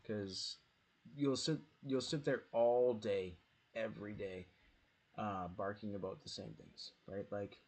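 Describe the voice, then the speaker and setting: Man, low-pitched, easygoing gaming streamer at home; rambles off-topic with fillers and casual swearing. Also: fairly even intonation, takes it slowly, a little mellow. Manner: rambling, laid-back, swears freely, lots of fillers. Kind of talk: casual rambling chat while playing. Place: at home with dogs nearby.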